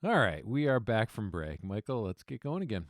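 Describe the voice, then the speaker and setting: A man's voice: lowish voice, sing-song, moderate pace, no room sound, clean studio sound. A man hosting and playing in a tabletop game, talking casually with hesitant restarts. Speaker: host and player.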